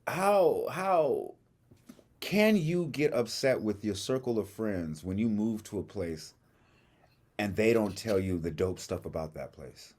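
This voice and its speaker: A man co-hosting a podcast, telling a long story in a casual, animated way and acting out other people's lines with plenty of swearing. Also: on the low side, measured pace. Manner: animated storyteller, acts out quotes, swears freely. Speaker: podcast co-host.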